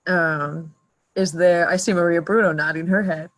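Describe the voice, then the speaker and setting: A woman's voice: lowish voice, fairly even intonation, normal speed, no room sound, low-quality recording. A woman hosting a virtual graduation reception, chatty and upbeat as she introduces each speaker over a video call. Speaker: event host.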